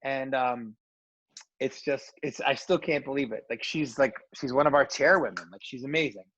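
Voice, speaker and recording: A man's voice: medium pitch, normal speed, a bit bright, muffled recording, slight background noise. A man speaking as a guest in a casual podcast interview, gushing with praise in an effusive way. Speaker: guest, salon owner and charity founder. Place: New Jersey.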